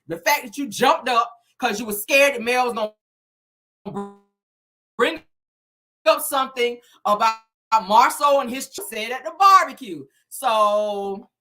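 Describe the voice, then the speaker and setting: A woman's voice: on the high side, a little slow, pauses often, bright, forceful tone. A woman recapping a reality show in casual commentary, sassy and blunt, cussing freely.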